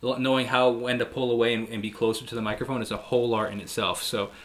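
A man's voice: medium pitch, level tone, fast, fairly bright tone. A man, a musician, giving chatty, upbeat reaction commentary on a song, with lots of fillers and restarts. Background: faint song playing underneath.

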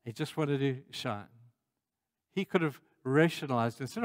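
A man preaching a sermon in an emphatic, conversational way, building to loud passages. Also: medium pitch, expressive, moderate pace, long reverb tail.

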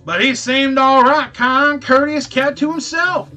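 A man's voice: very high-pitched, fairly even intonation, unhurried, pushed and bright, voice pushed up, exaggerated voice. A man voicing an earnest, grateful country farmer in a video game, with folksy rural talk. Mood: earnest praise.

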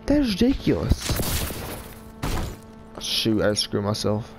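Frustrated gamer. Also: male voice, lowish voice, big pitch swings, moderate pace, long pauses, music in the background. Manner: frustrated, rambling, whiny. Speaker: gaming YouTuber. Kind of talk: live gameplay commentary.

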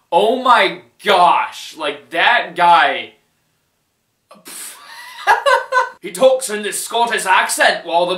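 High, bright-voiced man ranting about a movie. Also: reverberant. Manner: exasperated, emphatic, repeats himself, laughs often. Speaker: movie reviewer. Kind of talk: casual movie rant.

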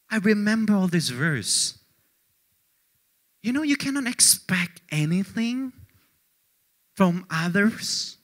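A young man preaching a youth sermon as pastor, swinging from loud emphatic peaks to hushed storytelling and talking straight to the young crowd. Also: on the high side. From Korea. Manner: addresses the youth crowd directly, asks for raised hands.

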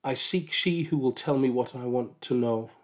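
A man voicing a bold, determined Viking chief in a storybook reading, firm and steady. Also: medium pitch, normal speed, natural voice.

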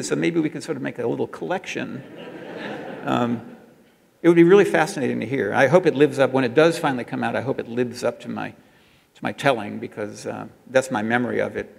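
A man's voice: medium pitch, brisk, vocal fry, long reverb tail. A man telling an anecdote to an audience in a chatty way, with many fillers and restarts. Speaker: speaker recounting advertising work.

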